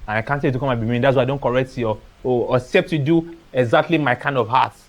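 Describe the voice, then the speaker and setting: Nigerian-accented man, mid-pitched, motivational seminar talk, storyteller who plays out dialogue and uses Pidgin. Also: fast. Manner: storytelling, acting out dialogue, dropping into Pidgin phrases. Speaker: artist speaking at a seminar.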